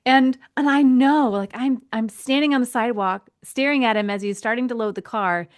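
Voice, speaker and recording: A woman hosting a podcast, telling a personal story in a casual, animated way and acting out the voices in it. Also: on the high side, moderate pace. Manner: animated, acts out quoted voices, laughs often. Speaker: podcast host.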